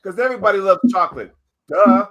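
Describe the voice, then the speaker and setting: A man's voice: sits high, expressive, fast talker, fairly bright tone. An American man boasting on a talk show, swaggering and repetitive, acting out little scenes of what he will do. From United States. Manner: swaggering, repetitive, acts out quotes.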